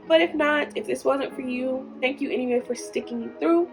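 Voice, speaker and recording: A woman's voice: high-pitched, moderate pace, faint music behind. A woman hosting her own podcast, talking earnestly and emotionally, tearful at times. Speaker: podcast host. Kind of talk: heartfelt solo podcast talk.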